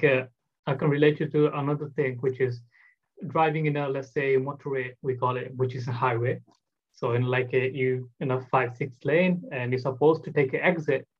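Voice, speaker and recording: A man's voice: medium pitch, fairly even intonation, moderate pace. Easygoing male host, dull lo-fi sound. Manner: easygoing, agreeable, relates with own examples. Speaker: podcast host. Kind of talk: casual interview talk.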